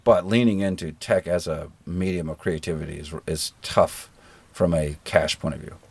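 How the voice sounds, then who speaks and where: A middle-aged man with a generic American accent, a guest in a relaxed interview, telling stories in an easygoing, self-deprecating way. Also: low voice, moderate pace, no room sound. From rural Georgia, American South. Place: living in New Zealand.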